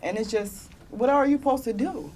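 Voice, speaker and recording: On a conference panel in a meeting room, a young woman shares her own story with earnest, heartfelt emotion, often near tears and breaking into rueful laughs. Her higher-pitched voice is animated and a little mellow at a moderate pace, with slight background noise.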